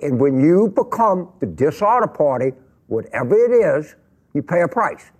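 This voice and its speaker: A man in a heated studio panel discussion, his fairly high voice leaping around as he drives his argument home. He repeats himself for emphasis and pushes louder when challenged. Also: very animated, moderate pace. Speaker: panel guest.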